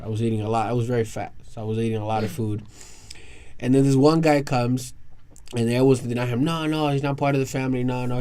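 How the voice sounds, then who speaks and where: New guy on a podcast panel, chatty storyteller, mid pitched, rambles and restarts a lot. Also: mellow. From New York, USA. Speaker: podcast guest. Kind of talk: casual round-table storytelling. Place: round-table podcast recording with other guests.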